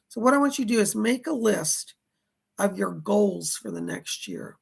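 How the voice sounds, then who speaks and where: A middle-aged man giving live psychic readings, with a hoarse voice that is going and a chatty manner as he reads out viewer donations and questions. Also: high voice, very animated, normal speed, a bit bright. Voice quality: gravelly. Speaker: psychic medium.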